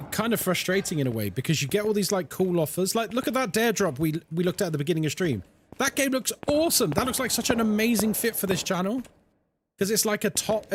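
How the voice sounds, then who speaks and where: A young man streaming a horror game, chatting with his viewers in a jokey, animated way. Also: high voice, slight background noise. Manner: animated and chatty, reads chat aloud, jokey asides. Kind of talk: casual live-stream chat while gaming.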